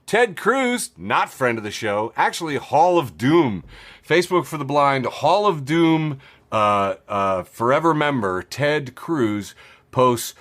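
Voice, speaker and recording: A man's voice: mid-range voice, sing-song, slow, fairly bright tone. A man hosting a podcast, reading social media posts aloud with sarcastic commentary, laughing often and swearing freely. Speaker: podcast host.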